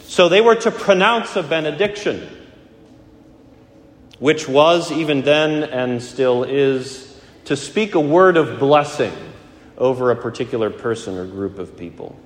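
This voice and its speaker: A middle-aged man preaching a sermon in a church, conversational and gently humorous. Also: mid-range voice, a little slow. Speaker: pastor. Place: church sanctuary. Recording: echoey church hall.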